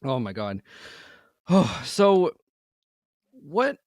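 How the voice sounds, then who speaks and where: A casual podcast host who nods along with many quick affirmations and sometimes loses the thread. The pitch moves in a lively way. The sound is dry and close. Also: dry recording. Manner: casual, frequent affirmations, scattered.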